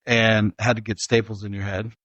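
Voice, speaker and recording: A man's voice: fairly low pitch, level tone, normal speed, a bit bright, no room sound, highs cut off. A middle-aged man hosting a casual family podcast, telling stories and laughing easily. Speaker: host, father.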